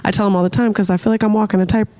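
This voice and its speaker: A woman in her late twenties tells her own story on a podcast, earnest and open. Her pitch sits in the middle, and she talks in a candid, personal way. Now and then she voices what she and others once said. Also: fairly even intonation, rapid-fire, mellow. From Florida. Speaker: podcast guest.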